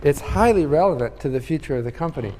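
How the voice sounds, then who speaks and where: A man's voice: a little high, animated, fast, a little mellow. Older male professor in a reverberant hall. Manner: conversational, thinking aloud with many fillers and restarts. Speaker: economics professor. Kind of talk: university lecture. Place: large lecture hall. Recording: lecture hall with long reverb.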